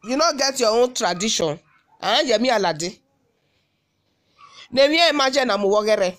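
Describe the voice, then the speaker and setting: A woman's voice: on the high side, animated, moderate pace. A woman with a Nigerian Benin accent recording a scolding audio message, firing off repeated rhetorical questions. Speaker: social media commentator.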